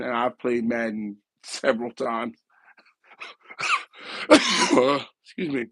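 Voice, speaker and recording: This show host, still recovering from a cough and losing his voice, rambles through a casual gaming talk show, correcting himself as he thinks out loud. His voice is mid-range, with no room sound.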